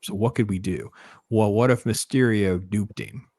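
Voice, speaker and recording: A man with a low-pitched voice hosts a casual panel chat, animated and quick to act out what he describes. The sound is dry and close, with little room around it. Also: no echo. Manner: animated, acts out scenes in quoted voices. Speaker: podcast host.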